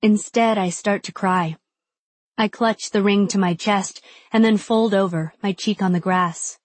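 A woman's voice: mid-range voice, steady tone, a little slow, no room sound. A young adult woman giving intimate, reflective first-person audiobook narration.

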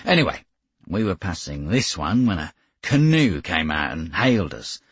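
A man's voice: low-pitched, big pitch swings, normal speed, slightly rough, no room sound, heavily acted. A man reading an audiobook, voicing a haggard Australian sailor of about forty who tells his story in a broad, easygoing way. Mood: easygoing yarn. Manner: broad, easygoing yarn-spinning.

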